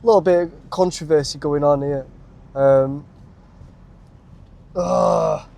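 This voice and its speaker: A man's voice: a little high, slow, creaky. Chatty young northern English man vlogging. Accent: Lancashire. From North West England. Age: young adult. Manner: chatty and excitable, calls the viewer mate. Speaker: vlogger pitching to bars. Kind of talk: casual vlog to camera.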